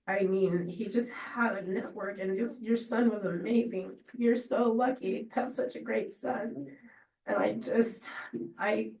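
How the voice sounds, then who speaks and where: A woman giving an unscripted memorial tribute to a friend, halting and rambling with many fillers and restarts. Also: medium pitch, mellow. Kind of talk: emotional unscripted memorial speech. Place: memorial gathering room. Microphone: distant laptop or room mic on a video call. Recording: roomy, distant video-call audio.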